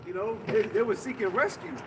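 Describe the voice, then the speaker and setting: Coarse, mocking male storyteller, very high voice, off-mic on a noisy street. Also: very animated, a little fast. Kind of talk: outdoor religious street talk. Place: outdoors on a city street. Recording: distant voice with street traffic noise.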